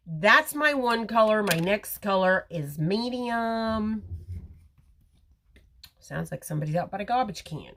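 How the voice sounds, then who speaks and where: Middle-aged woman hosting a live makeup stream, chatty and rambling, slow unhurried delivery with lots of swing in her pitch. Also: expressive, fairly bright tone. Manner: chatty, rambling, talks to viewers. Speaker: makeup livestream host. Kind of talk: casual live makeup tutorial. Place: home or salon with ring light. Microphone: phone camera.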